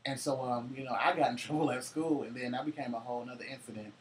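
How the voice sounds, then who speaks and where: A man's voice: mid-range voice, fairly even intonation, quick pace, a little hiss or hum. A man co-hosting a casual chat, telling loose, profane holiday stories with frequent laughter. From Cincinnati, US. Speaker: co-host.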